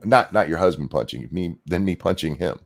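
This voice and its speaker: A man's voice: low-pitched, animated, fairly quick, vocal fry. A man hosting a podcast, ranting in casual, mocking, sarcastic commentary. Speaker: podcast host.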